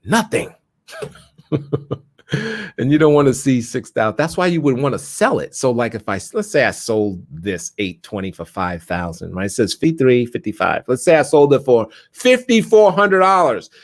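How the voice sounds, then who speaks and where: A man giving a casual, conversational live-stream lesson on trading options. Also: normal speed. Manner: conversational, chatty, lots of "right?" and restarts, animated pitch. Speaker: stock options trader and streamer.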